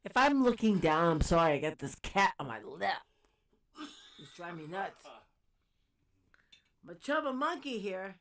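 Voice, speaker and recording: A woman's voice: mid-range voice, very animated, normal speed, long pauses, a bit bright. A woman co-hosting a casual podcast who teases playfully and keeps cutting in. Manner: teasing, playful, cuts in. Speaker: podcast co-host. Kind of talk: casual bar-talk podcast chat.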